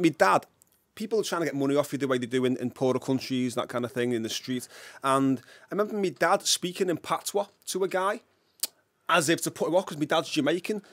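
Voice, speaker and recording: A man from England with a Liverpool accent, a podcast guest telling his story in a lively, animated way and laughing often. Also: mid-range voice, no echo. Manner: animated, laughs often, acts out voices in anecdotes. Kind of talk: casual storytelling interview.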